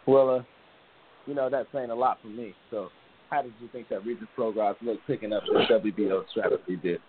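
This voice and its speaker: A man's voice: fairly low pitch, fairly even intonation, fairly quick, slight background noise. A man hosting a casual boxing talk show, rambling with frequent restarts and easy laughter. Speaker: boxing podcast host. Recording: tinny phone-like audio.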